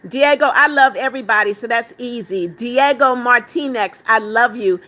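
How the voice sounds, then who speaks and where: A woman's voice: fairly high pitch, normal speed, sharp tone. An older woman hosting a livestream, reading viewers' chat comments aloud and fondly calling them darling. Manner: affectionate, calls viewers darling. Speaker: livestream host.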